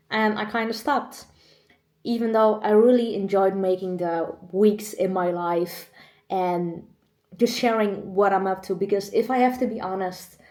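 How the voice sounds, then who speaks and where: A woman's voice: medium pitch, darkish tone, roomy sound. Emotional young woman talking to camera. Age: 20s. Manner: emotional, chatty, laughs often. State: choked up, on the edge of tears. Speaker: vlogger. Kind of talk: candid personal vlog. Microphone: camera mic.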